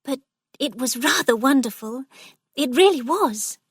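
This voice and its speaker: A woman doing a breathless dreamy girl, high eager voice, very slow reading, dry close sound. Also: animated, slightly rough, no echo, heavily acted. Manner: eager, girlish, higher voice. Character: excited young woman, dreamy and frank.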